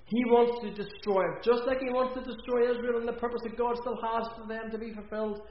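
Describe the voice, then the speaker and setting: A man's voice: very high voice, steady tone, a little fast, a little hiss or hum. A man preaching an earnest sermon in a church, repeating phrases for emphasis. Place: church hall. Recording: echoey, dull church recording.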